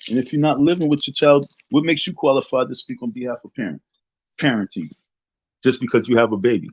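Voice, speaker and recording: A man's voice: mid-range voice, fast, breathy edge, no echo. A man lectures his livestream chat in a preachy, emphatic way. He hammers the same points again and again and swears as he goes. His voice comes through dull and lo-fi, dry and close with no room sound. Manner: emphatic, preachy, repeats himself, profane. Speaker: livestream host. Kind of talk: casual livestream rant.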